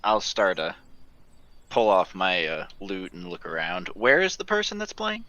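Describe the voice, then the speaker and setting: A man's voice: deep voice, sing-song, measured pace, bright, forceful tone, highs cut off. A man playing a tabletop game, casually describing his bard's actions. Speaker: player. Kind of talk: tabletop role-play chat.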